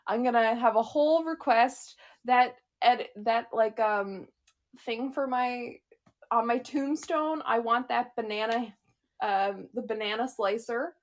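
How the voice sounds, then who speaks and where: A young adult woman co-hosting a podcast, chatting casually with playful, excitable storytelling. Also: a little high, a little slow. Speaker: podcast co-host. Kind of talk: casual chat.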